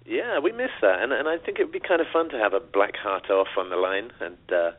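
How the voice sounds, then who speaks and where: A man co-hosting a call-in internet radio show, talking in an easygoing, relaxed way with plenty of fillers. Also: lowish voice, fairly quick. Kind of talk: casual chat. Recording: phone-like band-limited audio.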